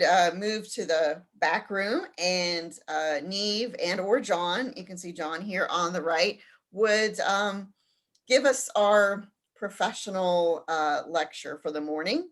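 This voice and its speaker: A woman giving an informal info session about a study-abroad trip, often hesitating with fillers and restarts. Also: lowish voice. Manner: hesitant, many ums and restarts.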